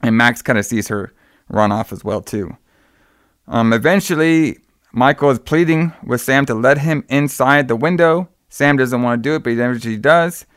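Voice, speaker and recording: A man's voice: mid-range voice, moderate pace, a bit bright, no echo, studio quality. A man in casual chat, rambling through a film plot scene by scene. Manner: rambling retelling with acted-out quotes. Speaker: podcast co-host recapping a film.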